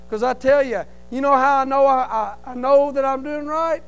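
A middle-aged man giving an impassioned testimony in church, pleading and rising to shouts. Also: extremely high pitch, normal speed, rough recording. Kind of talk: preaching testimony.

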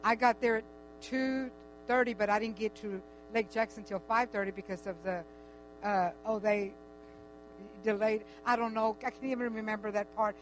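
A woman's voice: medium pitch, normal speed, poor audio. Chatty older woman telling a story. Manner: animated, chatty, with frequent restarts and quoted dialogue. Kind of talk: casual personal storytelling. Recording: faint music and mains hum.

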